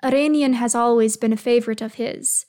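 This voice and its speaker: A woman calmly reading fan fiction aloud, telling the story in an even voice. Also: a little high, a little fast. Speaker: reader.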